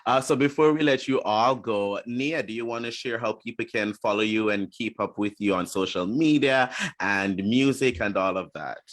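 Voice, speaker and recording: Jamaican-accented co-host with a low voice. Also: male voice, moderate pace, few pauses.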